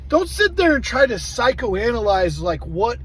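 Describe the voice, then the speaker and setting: Guy with a high voice ranting bout his day, swears a ton, blunt and fired up. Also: normal speed, slightly rough, rough recording. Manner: profane, blunt and animated. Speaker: vlogger. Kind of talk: casual storytelling rant.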